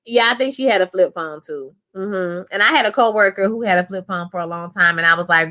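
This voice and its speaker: A woman hosting a casual live review chat, animated and profane, acting out quotes in character voices. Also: medium pitch, fairly quick, few pauses. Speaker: show reviewer.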